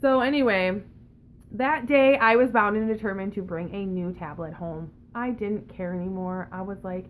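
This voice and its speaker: A woman's voice: medium pitch, moderate pace. A woman YouTuber telling a storytime rant to camera, heated and profane, acting out both sides of the exchange. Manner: talks in a cooing baby voice to her pet.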